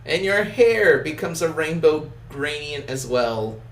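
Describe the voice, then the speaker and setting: A man's voice: a little high, animated, slow pace. A man running a tabletop game as game master, laid-back and laughing often. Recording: roomy audio from off-mic.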